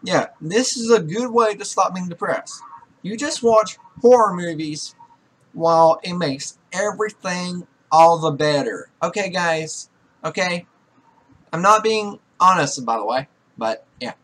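This young man's voice sits high and fairly bright, and he keeps a measured pace. As a gaming YouTuber doing profane Let's Play commentary, he swears constantly and scolds and bosses the characters in frustration.

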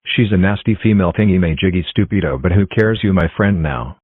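A man doing a taunting astronaut bully, boastful and name-calling, with a very low, husky voice. It is a dull, lo-fi home recording with dry sound. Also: animated, fast talker, dry recording.

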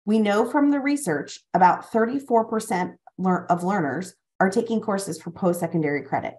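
A woman presenter reading a prepared webinar segment in a clear, scripted way. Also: mid-range voice, normal speed, darkish tone.

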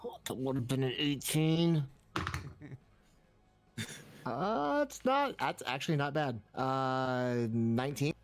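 A man's voice: medium pitch, expressive, takes it slowly, pauses often. A man playing a tabletop role-playing game, chatting casually and asking the dungeon master rules questions. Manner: casual, asks rules questions, uses fillers. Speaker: player.

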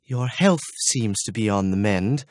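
A man voicing a timid, wistful young princess in an audiobook, speaking in a soft, husky half-whisper. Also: fairly low pitch, expressive, a little slow, no echo, studio quality. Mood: fearful.

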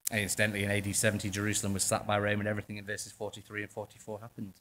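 A man's voice: lowish voice, completely flat delivery, rapid-fire, few pauses, a little hiss or hum. Impassioned English preacher, man. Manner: impassioned, swings between quiet and loud. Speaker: pastor. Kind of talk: sermon. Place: church.

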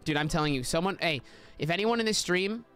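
A young man streaming a game from a small room at home, chatting casually, joking and swearing with sudden excited yelps. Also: smooth, soft background music. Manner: animated and joking, swearing, quick pitch jumps into excited yelps. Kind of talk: casual livestream chatter while playing.

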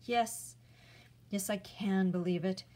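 A sharp-tongued, clever young girl, as a woman reader puts her on. She talks brusquely and bluntly in a storybook read-aloud. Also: medium pitch, steady tone, slow, close to an everyday voice.

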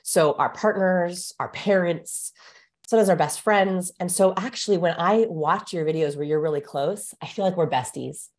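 A woman guest expert explaining things in a brisk, emphatic way during an interview. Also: fairly low pitch.

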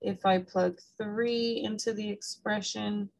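A woman's voice: medium pitch, fairly even intonation, slow, vocal fry, darkish tone, low-quality recording. A woman math instructor giving a recorded lecture, explaining each step patiently and checking in with "okay?", and she has the hiccups.

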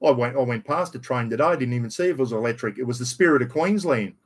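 Still shaking off a cough after being sick, a middle-aged Australian livestream host chats bluntly and rambles. His mid-range voice is expressive, quick, and slightly breathy.

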